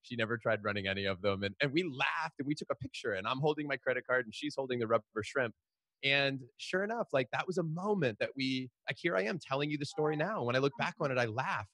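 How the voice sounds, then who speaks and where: A man's voice: mid-range voice, animated, fast, a bit bright, no echo. A middle-aged man, a podcast guest and author, telling stories animatedly with frequent restarts. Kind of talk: storytelling in a podcast interview.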